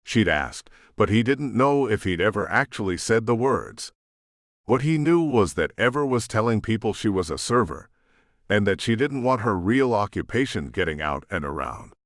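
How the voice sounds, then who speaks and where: Low-voiced male audiobook narrator, dry. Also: sing-song, moderate pace, dry recording. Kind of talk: scripted narration.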